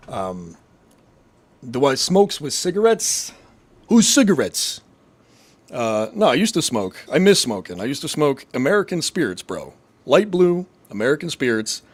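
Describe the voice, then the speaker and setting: A man's voice: mid-range voice, very animated, measured pace, no room sound. A young man hosting his stream, ranting and rambling with constant swearing as he reads and answers chat. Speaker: streamer host. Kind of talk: casual profane live-stream rant.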